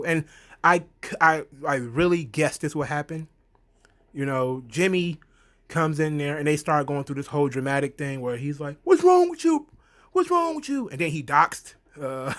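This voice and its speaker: A man talks through a wrestling event in a loose, rambling way. His voice sits a little high. He often jumps into quick acted-out lines and laughs along the way. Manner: animated storyteller, acts out quotes in high voices; frequent fillers, laughs often. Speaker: wrestling reviewer. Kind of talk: casual recap monologue.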